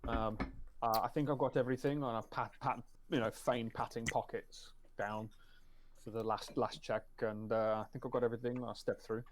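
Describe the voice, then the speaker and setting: A man's voice: medium pitch, flat delivery, moderate pace, noisy background. A man playing a tabletop spy game, hesitant and full of stammered restarts. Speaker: player.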